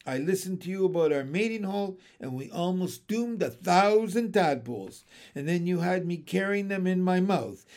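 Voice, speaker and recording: A man's voice: high voice, darkish tone. A man voicing an exasperated female frog, fussing and scolding her mate. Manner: fussy, scolding complaints. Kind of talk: storybook read-aloud.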